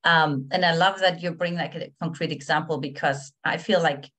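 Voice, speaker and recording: A woman's voice: low voice, fairly even intonation, moderate pace, a bit bright. A woman co-hosting a podcast, eagerly agreeing and explaining what she sees in her clients. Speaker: podcast co-host. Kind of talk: casual podcast conversation.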